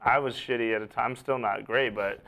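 A man's voice: mid-range voice, steady tone, a little fast. A man, a podcast co-host and beginning comedian, chatting in a laid-back, self-deprecating way. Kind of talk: casual podcast chat. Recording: clear background noise and clicks.

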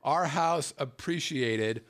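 A man hosting a casual comedic podcast, joking with his co-host and laughing often. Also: slow pace. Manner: joking, laughs often, lively swings in pitch. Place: Las Vegas.

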